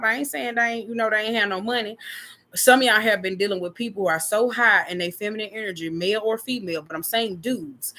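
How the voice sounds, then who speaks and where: A young woman giving a casual tarot reading, talking in a loose, slangy, profane way with lots of repeated filler phrases and quick acted-out quotes. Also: fairly low pitch, a bit bright. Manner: drops into quick acted-out quotes of imagined people. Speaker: tarot reader.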